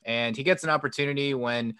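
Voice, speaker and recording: A podcast co-host speaks fairly quickly in a mid-range, pushed and bright voice with a clean tone and no room sound. Chatting casually about a film's plot, he rambles, says "like" and "um" a lot, and acts out quotes with a raised voice.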